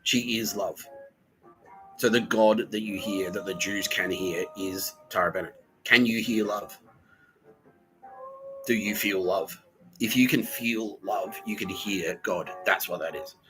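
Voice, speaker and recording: A man's voice: fairly low pitch, a little slow, long pauses, over music, low-quality recording. A man hosting a podcast, talking in a rambling, profane comedic monologue full of fillers and restarts. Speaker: podcast host.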